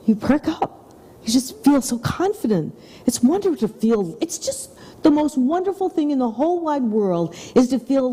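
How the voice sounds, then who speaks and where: Her voice sits high and carries the sound of a large room. A middle-aged talk show co-host, she's gushing and upbeat as she gives motivational talk, adding gentle whispered asides.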